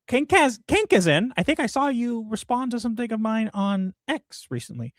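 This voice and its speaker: A man with a notably high speaking voice hosts a livestream and reads viewer messages aloud, joking and teasing as he goes. He stumbles over his words and restarts often. The sound is close and very dry. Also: very animated, normal speed, hardly any pauses, a bit bright, no echo. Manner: stammering restarts, playful and teasing. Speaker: livestream co-host. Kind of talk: casual chat, reading out viewer messages.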